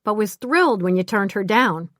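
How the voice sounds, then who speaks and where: A kindly older woman, read by the female narrator, offers measured, wise words at a calm mid pitch. The recording is close and dry. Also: no room sound, close to an everyday voice.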